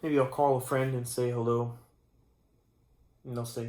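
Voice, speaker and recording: A young man talks to his camera late at night, half-awake and rambling. His mock-serious rant keeps losing its thread and restarting. His voice sits at an ordinary pitch, and the room gives it a noticeable echo. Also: little pitch movement, unhurried, darkish tone. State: sleepy and tired late at night. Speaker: channel host. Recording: roomy echo.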